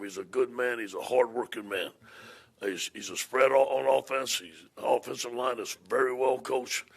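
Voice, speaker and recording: Gravelly, husky head football coach. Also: male voice, mid-range voice, a bit bright. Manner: plain-spoken, repeats and restarts words. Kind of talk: press conference.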